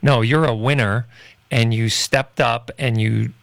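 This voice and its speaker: A man's voice: mid-range voice, steady tone, unhurried, creaky, fairly bright tone, dry recording. A man hosting a radio interview, emphatic and supportive toward his guest. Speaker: radio show host.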